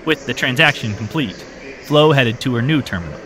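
A man reading a story aloud as narrator in a steady, measured way. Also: medium pitch, crowd noise. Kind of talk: audiobook narration.

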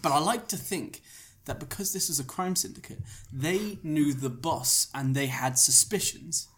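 A woman's voice: low voice, normal speed. A woman telling a comic story on a podcast, rambling and playful, often laughing. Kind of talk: casual comedic storytelling.

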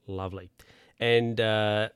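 A man's voice: lowish voice, flat delivery, slow, clean tone, dry recording, clean studio sound. A man casually recapping a story, rambling with lots of fillers and restarts. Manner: rambling, hesitant with many fillers. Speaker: podcast recapper. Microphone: handheld or desk mic, bumped by hand.

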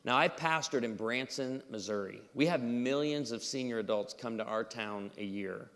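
A man preaching a humorous sermon with stories, acting out dialogue in an animated way. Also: mid-range voice, normal speed. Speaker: pastor. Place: church auditorium. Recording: live hall reverb.

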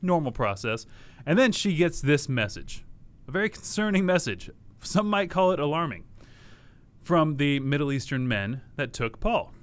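A man's voice: a little high, sing-song, normal speed, smooth. A man co-hosting a podcast, telling a story in casual, joking chat and laughing often. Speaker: podcast co-host.

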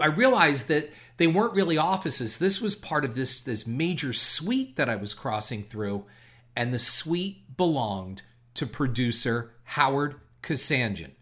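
A middle-aged podcast host with a sharp-toned, medium-pitched voice tells a long personal story. He's reflective and rambling, restarting his sentences frequently.

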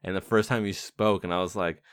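Laid-back young man, low voice. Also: fairly even intonation, fairly quick, clean tone, no echo, studio quality. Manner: laughs often, loose and profane. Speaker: podcast co-host. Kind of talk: casual movie podcast chat.

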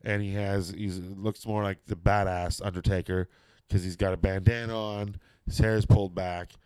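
Brief: middle-aged man, low smooth voice, dry close sound, swears freely while spinning a story. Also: moderate pace, no room sound. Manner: profane, animated storytelling with quoted voices. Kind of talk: casual anecdote telling.

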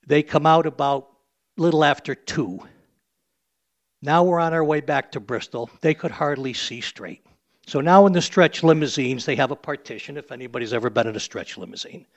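A man's voice: fairly high pitch, moderate pace, lo-fi sound. A man in his sixties, a limousine driver, telling a salty, blunt story live on stage.

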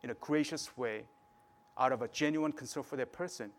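A man's voice: medium pitch, a little fast. A man preaching a sermon in a conversational way, often checking in with the listeners. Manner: conversational preaching, frequent "right?" tags.

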